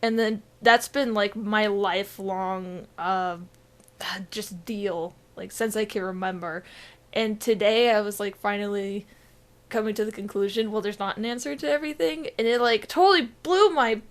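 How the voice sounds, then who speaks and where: A woman's voice: mid-range voice, fairly even intonation, normal speed. A young woman co-hosting a casual gaming podcast, rambling with lots of fillers and giggles. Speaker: podcast co-host.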